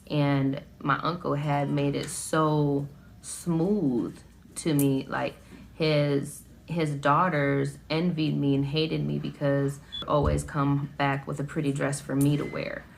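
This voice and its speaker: Low, gravelly woman telling her story. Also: a little hiss or hum. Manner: halting, informal, with frequent pauses and fillers; emotionally raw, rising high and loud when reliving the scene. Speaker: vlogger recounting her childhood. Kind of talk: personal testimony.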